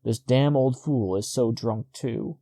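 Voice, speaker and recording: A man voicing an uneasy young husband who speaks quietly with worried strain. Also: medium pitch, measured pace, lightly acted.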